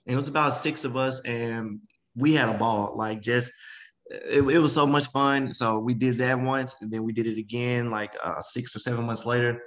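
A man, a guest speaker in an interview, telling his story in a casual, animated way and acting out other people's voices. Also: medium pitch, moderate pace, rough recording. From Memphis, Tennessee. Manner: animated, acts out quoted voices.

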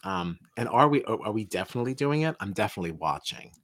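A man's voice: lowish voice, quick pace, dry recording, studio quality. A man co-hosting a casual reality TV recap podcast, running the show and plugging its socials. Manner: lively, wraps up the show with plugs. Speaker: podcast co-host.

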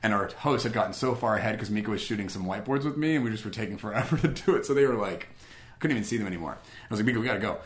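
A young man tells a story from his own life at a quick clip. His voice sits somewhat low. He acts out the back-and-forth of old conversations and scatters fillers through his talk. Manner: animated, quotes himself and others in conversation, many "like" fillers. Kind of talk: casual personal storytelling.

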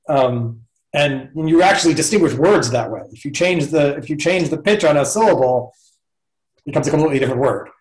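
A man's voice: on the high side, lively intonation, normal speed. A man, a professor guest in a casual interview, explaining ideas thoughtfully and step by step. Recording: roomy echo.

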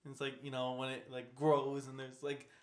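A man's voice: medium pitch, monotone, normal speed. Laughing, swearing young man in an echoey room. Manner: laughs often, swears freely. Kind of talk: casual profane chat.

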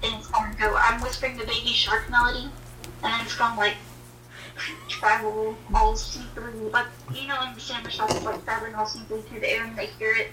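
Bright woman player on a roomy, distant mic. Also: a little high, level tone, fairly quick, a little hiss or hum. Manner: rambling, filler-heavy, playful. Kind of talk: tabletop game play.

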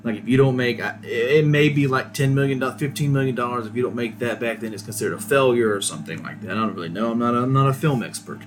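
A man's voice: medium pitch, quick pace, hardly any pauses. A man hosting a podcast, giving a casual, rambling solo movie review with many hesitations. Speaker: podcast host.

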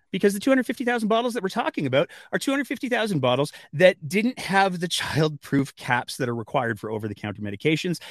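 A man hosting political commentary, sarcastic and animated, with mocking asides. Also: a little high, dry recording, clean studio sound.

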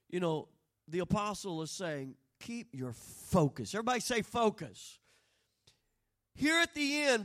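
A man delivers a sermon. He tells homely stories in a low, easy tone, then climbs into loud, ringing proclamation. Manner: swells from quiet storytelling to loud, rising preaching. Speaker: pastor.

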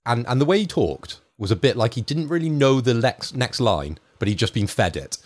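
A man's voice: medium pitch, big pitch swings, fairly quick. A man co-hosting a gaming podcast in casual chat, telling stories animatedly with mock impressions. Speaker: podcast co-host.

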